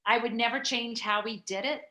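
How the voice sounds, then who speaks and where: A middle-aged woman, a podcast guest, telling a personal story in a chatty, animated way with many fillers. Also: on the high side, a little fast. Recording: echoey room.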